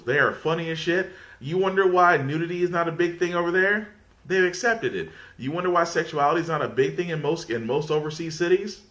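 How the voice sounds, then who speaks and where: A man's voice: fairly high pitch, a bit bright. A man hosting a podcast, talking in a casual rambling monologue with frequent restarts. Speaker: podcast host.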